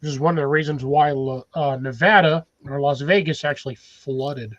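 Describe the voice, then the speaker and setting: A man's voice: fairly high pitch, moderate pace, no room sound, muffled recording. A man co-hosting a casual podcast chat, blunt and offhand in the way he talks. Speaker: co-host.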